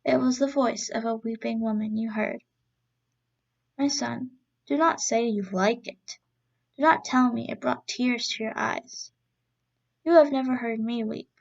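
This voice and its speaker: A woman voicing a big, ugly, possessive old mother toad with a gruff, coarse voice. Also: on the high side, unhurried, pauses often, lo-fi sound. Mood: pleading.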